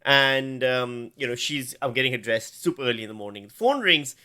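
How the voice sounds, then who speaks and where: A man's voice: mid-range voice, lively intonation, brisk, sharp tone, clean tone. A middle-aged man from Pakistan, a comedian co-host in casual chat, often laughing at himself. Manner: laughs often, self-deprecating.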